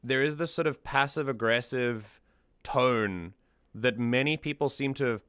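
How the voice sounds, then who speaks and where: A man's voice: mid-range voice, unhurried, a bit bright, clear, resonant tone, no echo, studio quality. A man hosting a music analysis stream, talking things through in a thoughtful, casual way and often repeating words as he thinks.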